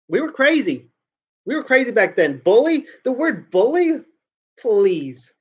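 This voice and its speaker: A man's voice: very high voice, sing-song, unhurried, breathy edge, lo-fi sound. A man hosting a show, giving a brash, blunt ranting commentary full of swearing. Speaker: show host.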